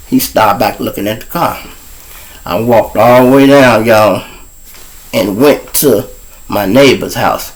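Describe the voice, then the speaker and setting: A man's voice: medium pitch, measured pace, pauses often, poor audio. A man from Chicago with a Chicago accent, hosting his show and telling raw, profane street stories straight to his listeners. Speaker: host and storyteller. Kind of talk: casual street storytelling.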